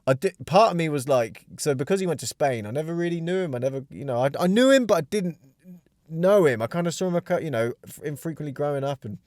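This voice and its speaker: A man's voice: on the high side, animated, fast, a little mellow, no echo, clean studio sound. A young man hosting a podcast, telling a rambling, sweary story in casual chat. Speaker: podcast host.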